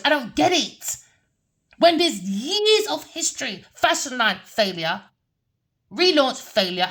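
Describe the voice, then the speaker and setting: A woman rants through a tarot reading, her fairly high voice heated and full of curses. She repeats herself and scolds the people she talks about. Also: a bit bright. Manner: heated, cursing, repetitive. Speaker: tarot reader.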